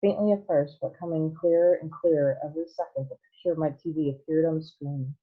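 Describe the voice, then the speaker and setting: A woman teacher reading a storybook aloud to students in a steady storytelling manner. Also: low-pitched, a little fast, husky. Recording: tinny phone-like line.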